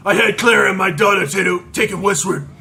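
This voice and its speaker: A man's voice: high voice, fairly even intonation, brisk, gravelly, bright, forceful tone, soft background music, heavily acted. A man voicing a desperate father reading out his urgent journal entries.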